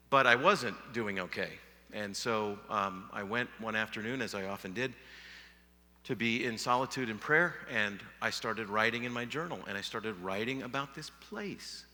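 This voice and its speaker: A middle-aged man speaking at a conference, telling a personal story in an earnest way that sinks to a hush at sad points. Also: lowish voice. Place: large hall before a live audience. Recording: long hall reverb.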